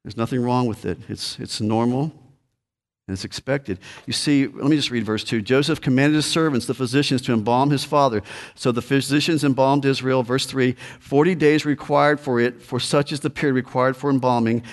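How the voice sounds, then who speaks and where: A man's voice: medium pitch, moderate pace. A man preaching a sermon in a conversational way, reading scripture and talking straight to the congregation. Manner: conversational preaching, addresses listeners directly. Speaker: pastor.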